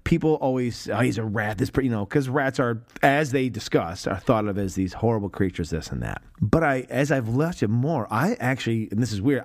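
A man hosting a podcast, chatting casually and profanely about a film scene. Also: lowish voice. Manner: animated, profane, acts out lines from the film. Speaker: podcast host.

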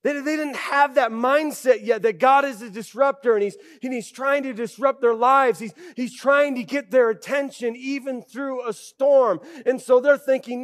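High-voiced pastor preaching animatedly. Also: male voice, normal speed. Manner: animated preaching with sudden loud bursts; conversational, with frequent fillers like "okay" and "right". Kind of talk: sermon.

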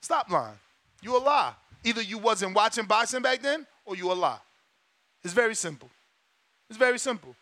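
Male boxing talk host, sharp bright tone, casual emphatic rant full of repetition and swearing. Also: high voice, sing-song, normal speed, no room sound. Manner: emphatic, profane, repeats himself.

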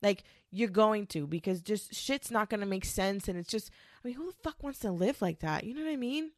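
A woman's voice: medium pitch, animated, brisk, no echo, clean studio sound. A woman in her twenties hosting a casual solo podcast, rambling and sassy with lots of swearing and fillers. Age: 20s. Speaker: podcast host.

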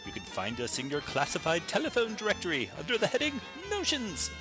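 A man's voice: high-pitched, wildly swooping pitch, fairly quick, music in the background, rough recording. A man voicing a pompous turn-of-the-century patent-medicine magnate in a florid, grandiose old-timey manner. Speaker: listener sending in a bit.

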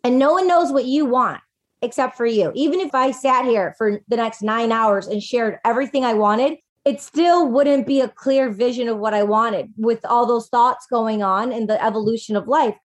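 Woman, life coach, casual podcast chat, slightly high pitch, animated, acts out quotes. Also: moderate pace.

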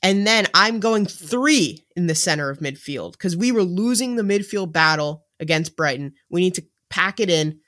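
A man co-hosting a casual sports podcast, who talks tactics in an animated, jokey way. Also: sits high, normal speed, few pauses. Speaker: podcast co-host.

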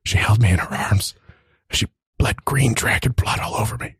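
A scared little male dragon hiding in his lair, barely breathing his words in whispered role-play, as a man puts him on. The voice stays hushed and jittery, close and dry, with no room around it. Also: medium pitch, fast talker, husky, dry recording. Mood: fearful hushed. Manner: hushed, nervous, keeps dropping to a whisper. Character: timid young male magical dragon, last of his kind, hiding.

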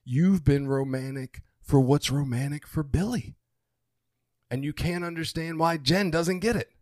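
A man's voice: on the high side, measured pace, a little mellow, no room sound, clean studio sound. A man co-hosting a podcast, talking candidly and earnestly about his relationship, swearing freely. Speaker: podcast co-host. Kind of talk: candid conversational podcast talk.

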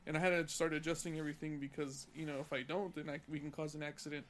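A man's voice: a little high, flat delivery, fast talker, a bit bright, slight background noise. A young man from California on a casual podcast, telling a profane, heated story about work. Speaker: podcast co-host.

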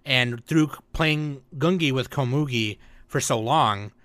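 A man's voice: mid-range voice, measured pace, a bit bright, no room sound. A man co-hosting a podcast in casual chat, animatedly retelling scenes and acting out lines, swearing often. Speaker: podcast co-host.

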